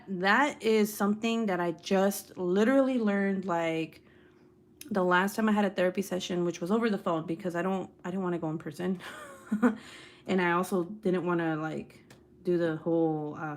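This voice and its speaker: A woman's voice: lowish voice, steady tone, moderate pace. Casual foul-mouthed woman livestreamer. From United States. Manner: casual, swears freely, laughs often. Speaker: livestream host reading viewer comments. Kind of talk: casual live chat.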